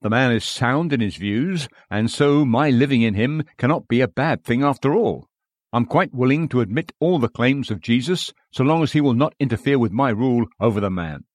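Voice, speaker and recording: A man's voice: medium pitch, moderate pace, no echo, clean studio sound, lightly acted. A man voicing a deceitful, fawning male evil spirit that bargains to stay, in a read-aloud sermon. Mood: wheedling. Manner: wheedling, bargaining.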